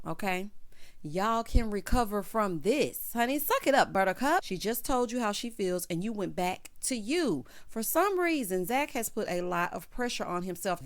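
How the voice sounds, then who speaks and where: A chatty woman with features gives a reality TV recap. Her speech is sassy and conversational, with plenty of asides and "honey" thrown at the people on the show. Her pitch sits in the middle range for a woman. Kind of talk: casual commentary recap.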